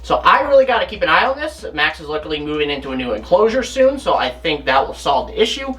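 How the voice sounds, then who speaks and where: A woman's voice: deep voice, sing-song, fast, fairly bright tone. A woman hosting her own channel, casually demonstrating and thinking aloud as she goes, often correcting herself. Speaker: reptile keeper and channel host.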